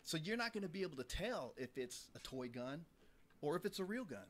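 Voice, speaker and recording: A man in casual chat who explains his points in a measured way. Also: on the high side, sing-song. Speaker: podcast co-host.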